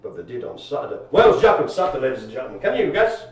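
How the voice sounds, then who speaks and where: A man's voice: mid-range voice, big pitch swings, racing, a little mellow. A chatty, jokey man, co-hosting a casual live stream and telling stories with animation. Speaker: co-host. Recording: echoey room, far from mic.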